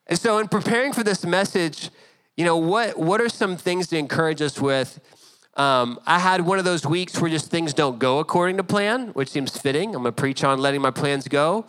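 Casual, lively preaching man, higher voice. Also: moderate pace. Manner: conversational, animated storytelling with asides to the congregation. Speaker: pastor. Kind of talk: sermon.

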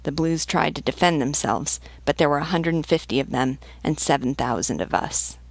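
A woman's voice: sits low, moderate pace, dry recording. A woman reading the part of an eager, loyal male peasant rebel leader reporting earnestly to his general in an audiobook. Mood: dutiful.

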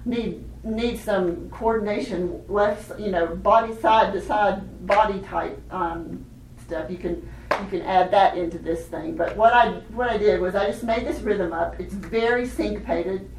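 A woman leading a hands-on children's music workshop, animated and laughing often as she teaches chanted rhythms. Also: medium pitch, unhurried, a little hiss or hum. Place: workshop room with participants. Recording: echoey room, voice from a distance.

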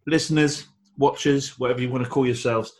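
A man's voice: medium pitch, fairly even intonation, fairly quick, a little hiss or hum. Rambling man talking beer. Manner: rambling, enthusiastic, with frequent restarts and fillers. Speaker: podcast co-host. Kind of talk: casual beer-tasting chat.

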